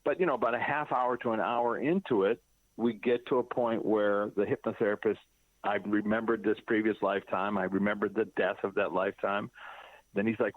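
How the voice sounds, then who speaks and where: A man's voice: mid-range voice, no room sound. A middle-aged man telling a personal story as an interview guest, acting out quoted voices and laughing often. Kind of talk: animated conversational storytelling. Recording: dry, phone-like narrow sound.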